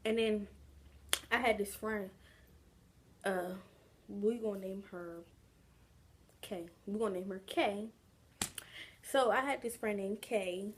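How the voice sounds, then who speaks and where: A woman's voice: mid-range voice, slow pace, long pauses, a little hiss or hum. A young adult woman telling a casual storytime vlog, chatty and slangy, drawing the story out. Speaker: vlogger.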